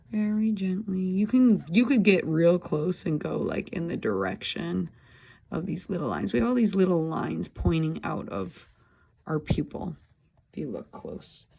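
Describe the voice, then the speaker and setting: A woman's voice: lowish voice, vocal fry, warm tone. A woman teaching a drawing lesson, talking through each step as she draws. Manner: talking while drawing, thinking aloud. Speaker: art teacher. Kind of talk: drawing demonstration.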